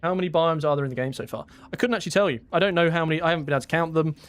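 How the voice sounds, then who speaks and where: A young Englishman streams a game live, chatting casually, laughing a lot, and responding to his chat. His voice is fairly high and he talks very fast.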